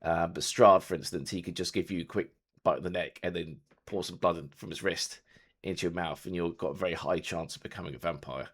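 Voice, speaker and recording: A man's voice: sits low, fairly even intonation, brisk, breathy edge. A man acting as game master, explaining rules and scenes loosely with many fillers. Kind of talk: narrating a tabletop game.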